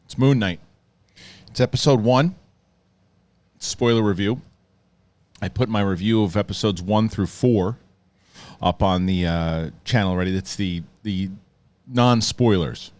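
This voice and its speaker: Low-voiced man rambling through a review. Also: measured pace, long pauses, no room sound. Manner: rambling, restarts often, animated retelling. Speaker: host. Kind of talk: casual spoken review.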